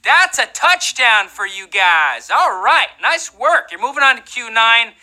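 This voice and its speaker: A man's voice: extremely high pitch, sing-song, a little slow, pushed and bright, rough recording. A man hosting a live trivia game show, playful and jokey, keeping the energy up.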